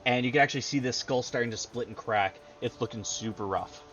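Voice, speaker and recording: A man's voice: mid-range voice, fairly quick. A man running a tabletop game as game master, laid-back and laughing often, with many fillers. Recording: dull lo-fi stream audio with faint music.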